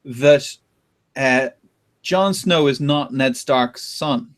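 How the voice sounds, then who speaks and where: A man hosting a podcast, chatting casually and retelling things with animated laughter. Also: mid-range voice, extremely slow. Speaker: podcast host. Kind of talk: casual chat.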